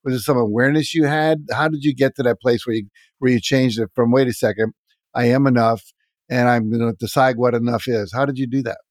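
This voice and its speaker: A middle-aged man hosting a podcast, asking questions in a thoughtful, measured way. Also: mid-range voice, fairly even intonation, no echo, studio quality. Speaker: podcast host. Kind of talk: interview conversation.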